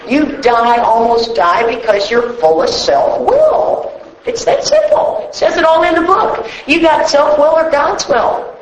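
A woman's voice: high-pitched, animated, unhurried, muffled recording. A woman speaking at a recovery meeting, telling her story in a blunt, profane and rambling way to a room full of people. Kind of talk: personal testimony talk. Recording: echoey room with faint noise.

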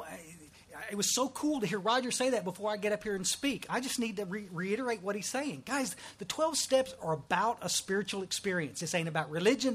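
Texan guy sharing his story at a meeting, high-pitched, folksy and blunt. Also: a bit bright, slightly rough. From Texas. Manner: folksy, emphatic, joking. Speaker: recovery meeting speaker. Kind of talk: testimony talk.

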